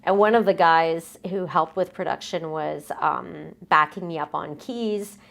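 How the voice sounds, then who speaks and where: A young woman singer being interviewed in a casual chat. She recalls stories hesitantly and laughs softly. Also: fairly low pitch, a little slow, gravelly. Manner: hesitant, many fillers and restarts, soft laughs.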